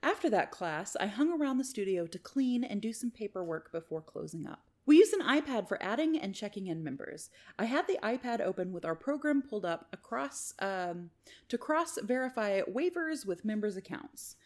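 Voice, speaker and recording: A woman's voice: medium pitch, big pitch swings, moderate pace, darkish tone. A woman co-hosting a podcast, reading a listener's story aloud and chatting casually, swearing and laughing often. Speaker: podcast co-host.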